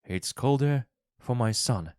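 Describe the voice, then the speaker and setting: A man voicing a grieving older woman who is desperate and frantic, with shrill, pleading cries. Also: animated, slow pace, a little mellow, clear, resonant tone, no echo, studio quality. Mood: bitter.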